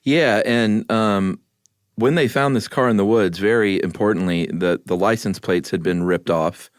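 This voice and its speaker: A man co-hosting a podcast, telling the story in a relaxed way with a few fillers. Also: on the low side, measured pace, no room sound, studio quality. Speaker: podcast co-host. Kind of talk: casual chat.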